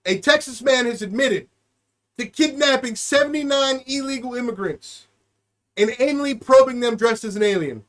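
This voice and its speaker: High-voiced young man ranting crude jokes. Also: normal speed, fairly bright tone. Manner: rambling, puts on a country drawl for bits. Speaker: podcast co-host. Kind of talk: crude comedic banter.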